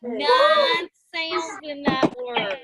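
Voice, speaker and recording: A woman teacher leading children through a phonics lesson on a video call, sounding out words slowly and encouragingly. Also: very high voice, very animated. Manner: slow, encouraging, exaggerated sounding-out. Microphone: laptop mic on video call. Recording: noisy video call audio.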